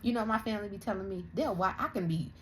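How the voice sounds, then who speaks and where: A young woman vlogger ranting in a blunt, profane, animated way as she comments on other creators. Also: mid-range voice, fast, slight background noise. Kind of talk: casual commentary rant.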